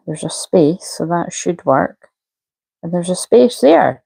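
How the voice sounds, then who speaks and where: A woman's voice: fairly low pitch, expressive, moderate pace, creaky, a little mellow, no room sound, poor audio. A woman, a spiritual coach chatting casually on a live stream and muttering to herself while she fiddles with settings.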